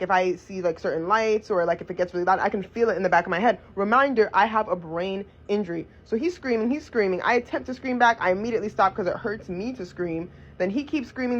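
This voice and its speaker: A young woman vlogger telling a personal story in a blunt, profane, animated way. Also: mid-range voice. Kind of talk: casual storytime vlog. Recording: dull lo-fi recording.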